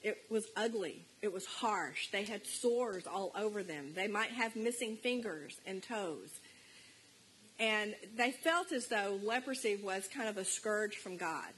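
A woman's voice: medium pitch, expressive, measured pace, a bit bright, a little hiss or hum, low-quality recording. A middle-aged woman giving a conversational sermon in church, speaking earnestly and plainly and reading scripture aloud. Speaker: preacher. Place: church service.

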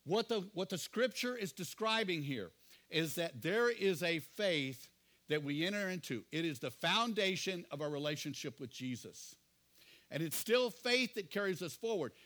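A middle-aged male pastor with a high voice preaches a sermon earnestly. He often puts questions to the congregation and drops into quiet asides.

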